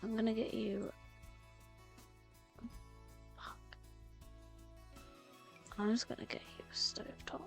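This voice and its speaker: A woman's voice: a little high, level tone, slow pace, creaky, long pauses, faint music behind. A young woman streaming a game live, chatty and exasperated, swearing at the game. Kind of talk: live gameplay commentary.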